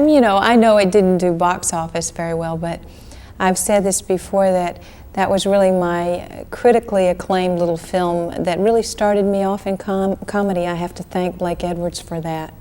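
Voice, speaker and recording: A woman's voice: fairly low pitch, a little hiss or hum. Chatty woman in an archival TV interview. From Georgia, US. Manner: animated, chatty, many restarts and laughs. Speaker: actress interviewed as guest. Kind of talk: casual interview chat.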